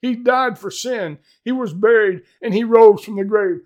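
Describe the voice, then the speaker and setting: A man's voice: sits high, moderate pace, few pauses. An older man preaching an evangelistic sermon in a fervent, emphatic, plain-spoken way, talking to a webcam.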